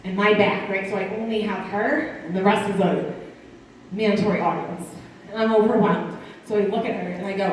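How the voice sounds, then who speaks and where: A woman in her thirties from Connecticut doing a rambling stand-up set with dark humor and lots of asides. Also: mid-range voice, fairly even intonation, moderate pace, slight background noise. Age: 30s. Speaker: stand-up comic. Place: small live performance venue. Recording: distant echoey room mic.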